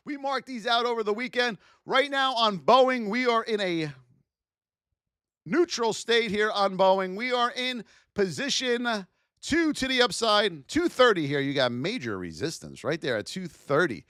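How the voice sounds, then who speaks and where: Middle-aged male streamer, high and very animated, shouts out viewers between chart calls. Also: a little slow, no room sound, studio quality. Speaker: trading livestream host. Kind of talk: live stream market commentary.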